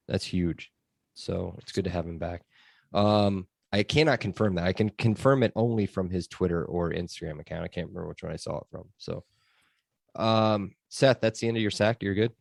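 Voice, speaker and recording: A man with a very low voice hosts a casual sports podcast. He talks in a chatty, loose way with plenty of fillers. The sound is dry and close. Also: creaky, a little mellow, no echo. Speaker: podcast host.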